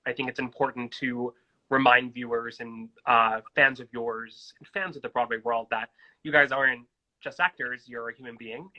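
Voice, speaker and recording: An excitable, gushing man hosts a casual live interview, talking straight into his phone. His voice is bright and ringing at a middle pitch. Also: moderate pace, dull audio. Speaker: host. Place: at home in New York. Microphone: phone on a social-media live stream.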